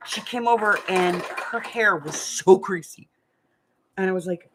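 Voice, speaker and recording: Bright-voiced older woman telling stories. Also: mid-range voice, unhurried. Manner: chatty, frank, laughs while telling stories. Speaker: craft channel host. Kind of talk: casual storytelling chat.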